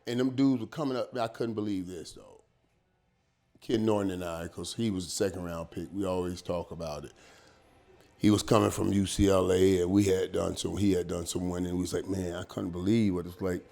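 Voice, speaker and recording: Deep-voiced and brisk, with noticeable vocal fry, a middle-aged former pro football player tells stories as an interview guest. His talk is loose and animated, full of repeated words plus "man" and "dog."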